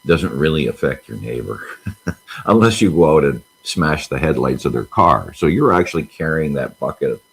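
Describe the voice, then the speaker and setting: A man answers as a guest in a plainspoken, folksy way. His voice is extremely deep and noticeably husky. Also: expressive, normal speed, rough recording. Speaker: show guest.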